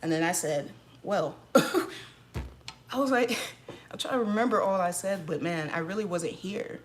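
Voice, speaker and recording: A woman's voice: lowish voice, unhurried, slight background noise. Sassy, laughing woman telling a story. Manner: animated, sassy retelling with frequent laughs. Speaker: mom vlogger. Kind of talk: casual storytime chat.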